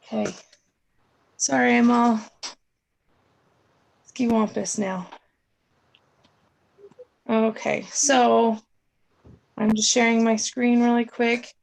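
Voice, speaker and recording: A woman's voice: on the high side, flat delivery, slow, creaky, pauses often, rough recording. A woman city staffer at home, presenting a subdivision plan to a council over a video call, chatty and apologetic with many fillers, losing her voice.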